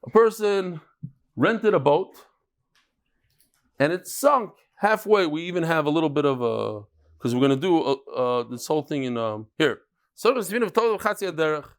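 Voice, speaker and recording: A man's voice: fairly high pitch, normal speed, smooth. A man giving a daily Talmud lecture, walking through cases with rhetorical questions and everyday examples. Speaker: Talmud teacher.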